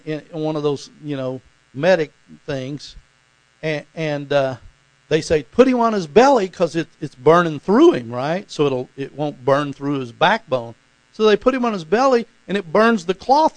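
A man's voice: fairly high pitch, dry recording, rough recording. A man preaching a sermon, telling a story in a rambling way with repeated words and bursts of fervent emphasis.

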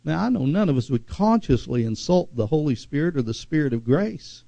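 A man preaching a sermon in a dark, mellow voice, with dramatic pauses and words drawn out for emphasis. The recording is dry and a little dull, as if lo-fi. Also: on the high side, expressive, vocal fry, no room sound. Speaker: pastor.

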